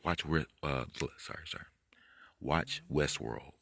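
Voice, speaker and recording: A man giving a rambling, profane late-night monologue, talking fast, tripping over his words and jumping up in pitch when he gets worked up. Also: big pitch swings, gravelly, a bit bright. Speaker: conspiracy video host.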